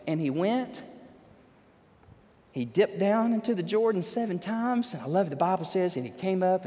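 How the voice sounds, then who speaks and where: Pastor guy preaching, high voice, swings all over, big echoey church. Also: brisk. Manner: folksy, animated storytelling with shouted emphasis. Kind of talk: sermon. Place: church sanctuary. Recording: long hall reverb.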